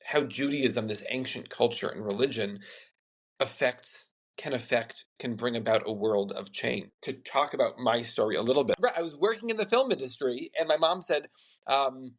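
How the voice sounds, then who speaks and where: A man hosting an interview, telling a personal story in a candid, animated way. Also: mid-range voice. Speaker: podcast host. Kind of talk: casual interview conversation.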